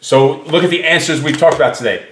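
A man's voice: a little high, fast talker, a bit bright, echoey room, slight background noise. A man hosting a casual podcast, telling a rambling joking story and teasing his co-hosts. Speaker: podcast host. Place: small home studio.

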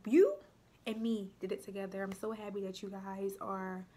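A young woman chatting casually to her viewers while eating on camera, often dropping her voice to soft, near-whispered asides. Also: medium pitch, little pitch movement, brisk, a little hiss or hum. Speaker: mukbang vlogger.

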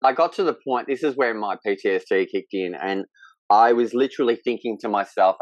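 A man, speaking as a podcast guest in candid conversation, halting and emotional with frequent restarts. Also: fairly low pitch, dry recording.

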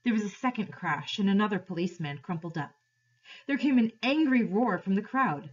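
Woman, teacher, reading a novel aloud, expressive, husky, dull lo-fi recording. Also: medium pitch, fairly quick.

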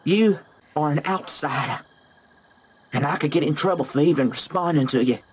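A man's voice: a little high, moderate pace, slight background noise, natural voice. A man playing a frightened townsman in a horror game who pleads nervously with a stranger. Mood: pleading.

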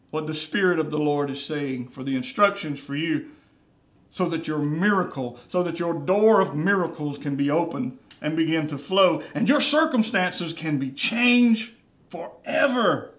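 A man's voice: high voice, a bit bright. A man preaching a sermon as pastor, earnest and repeating phrases for emphasis. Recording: roomy church echo.

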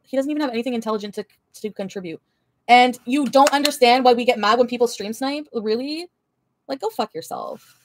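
A woman's voice: a little high, quick pace. A woman livestreamer answering her chat in a heated, profane, confrontational rant.

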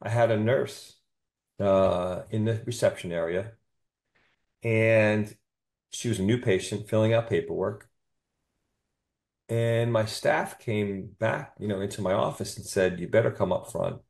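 Low, gravelly-voiced man telling a story. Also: measured pace, long pauses, darkish tone. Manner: enthusiastic, peppers speech with "you know" and "okay?". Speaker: chiropractor guest. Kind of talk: storytelling in a podcast interview.

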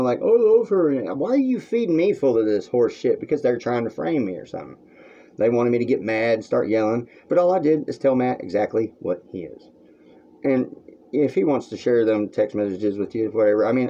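A man with a dark-toned, medium-pitched voice rants to camera in a monologue on his own vlog. Recorded in dull lo-fi from a room at home, his talk is crude, heated and rambling.

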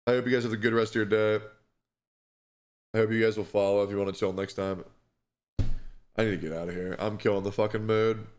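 A man's voice: fairly low pitch, level tone. Distressed young man stumbling through apologies. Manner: halting, stumbling over repeated words; apologetic, heavy swearing. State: distressed and stressed. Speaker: streamer. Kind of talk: live stream talk.

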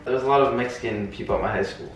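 A laid-back young man joking with friends, recorded far off in a very echoey room with loud noise. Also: mid-range voice, very fast. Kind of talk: casual group chat.

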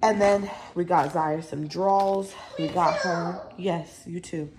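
A woman's voice: lowish voice, fairly even intonation, slow pace. A young woman vlogger casually showing off a shopping haul, chatty and rambling with lots of fillers, sounding a bit congested. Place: home. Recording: noisy home recording.

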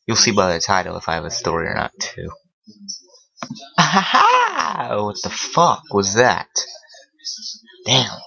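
A man's voice: low voice, normal speed, vocal fry, pushed and bright. A man telling a story on his vlog, casual, rambling and full of swearing and filler words. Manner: heavily profane, rambling with many fillers. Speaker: vlogger. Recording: dull lo-fi recording.

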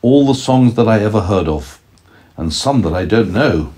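Low-voiced dad reading a bedtime story. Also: male voice, lively intonation, moderate pace, slight background noise. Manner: gentle, reads aloud and asks his child questions. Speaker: parent telling a story to a toddler. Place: home.

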